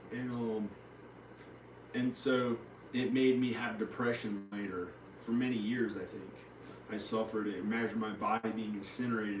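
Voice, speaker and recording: A man talking to the camera in a rambling personal monologue, restarting and trailing off. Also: lowish voice. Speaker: vlogger. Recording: echoey room, mic at a distance, faint noise.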